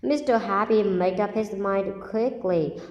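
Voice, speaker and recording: A woman's voice: medium pitch, unhurried, a little mellow, lo-fi sound. A woman who reads a children's story aloud and patiently stops to explain new words. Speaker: English teacher. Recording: echoey room with long reverb.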